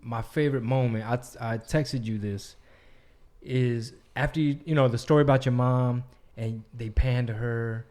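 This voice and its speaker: A man hosting a casual podcast, eager and quick with agreement, mixing in Spanish slang. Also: medium pitch, fairly even intonation, a little mellow. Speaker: podcast host.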